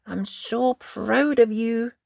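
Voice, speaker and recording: Storybook little girl, brave and sweet, slow soft delivery with some grit, put on by a man. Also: extremely high pitch, vocal fry, dry recording, studio quality, voice pushed up, heavily acted. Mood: proud. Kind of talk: storybook read-aloud.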